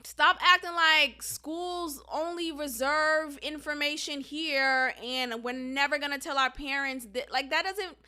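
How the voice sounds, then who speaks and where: A woman's voice: high-pitched, unhurried, few pauses, pushed and bright. A woman hosting a podcast, a teacher giving her candid, outspoken opinions in casual chat, with many fillers. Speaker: podcast host.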